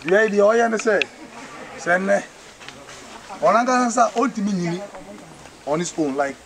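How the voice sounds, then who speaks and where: A man guiding a tour through a forest sanctuary, patiently explaining the animals and trees. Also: sits high.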